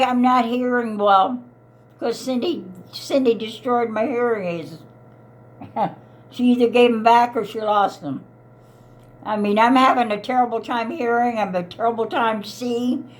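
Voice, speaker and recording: A woman in her eighties, an elderly mother, arguing in an upset, pleading way and repeating herself. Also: fairly high pitch. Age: 80s. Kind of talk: heated family argument.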